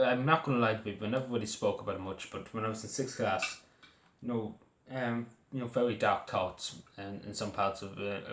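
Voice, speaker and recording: A young Irish man talking casually about his own school days, halting and full of fillers and restarts. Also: on the low side, a bit bright. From Ireland. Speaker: vlogger. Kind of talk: casual personal talk to camera. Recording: echoey room.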